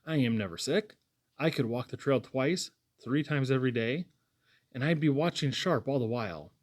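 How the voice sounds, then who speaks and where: A man's voice: medium pitch, lively intonation, normal speed, natural voice. A man voicing an earnest, eager young red-haired Irish lad who pleads for work, in an audiobook reading. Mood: eager pleading.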